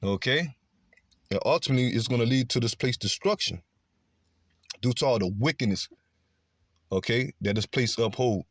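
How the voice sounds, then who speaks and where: A man's voice: medium pitch, expressive, normal speed, pauses often, no echo, studio quality. A man preaching a scripture-based sermon, emphatic, often adding "okay" and "man". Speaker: street preacher.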